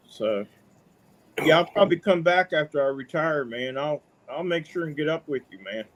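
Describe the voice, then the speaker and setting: Chatty middle-aged man with a higher voice. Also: animated, normal speed. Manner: chatty, folksy, says "man" often. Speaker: caller. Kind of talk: casual storytelling.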